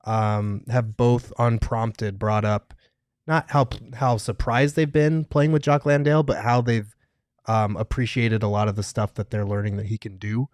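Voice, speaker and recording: A man co-hosting a casual sports talk show, measured and hedging as he thinks aloud. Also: on the low side, fairly even intonation, a little mellow, dry recording, studio quality. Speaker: co-host.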